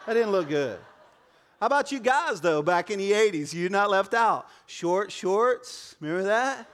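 A male pastor with a notably high voice preaches to a congregation in a church auditorium. He keeps the tone joking and conversational and often turns aside to speak straight to the people in front of him. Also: expressive, unhurried, a bit bright. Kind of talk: sermon.

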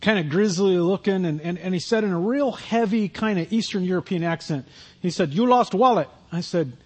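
A man's voice: high-pitched, brisk, a little mellow. A man preaching a sermon, telling a self-deprecating personal story in a conversational way. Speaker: pastor.

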